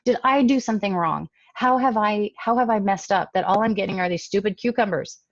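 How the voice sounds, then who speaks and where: A woman's voice: medium pitch, brisk, no echo, dull audio, lightly acted. A woman voicing an upset monkey who feels cheated, asking plaintive questions. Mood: bewildered.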